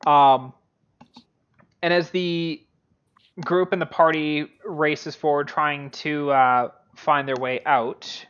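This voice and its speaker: A man's voice: a little high, fairly even intonation, slow pace, a bit bright, clear, resonant tone, muffled recording. A man narrating a tabletop game as game master, rambling with many fillers and restarts.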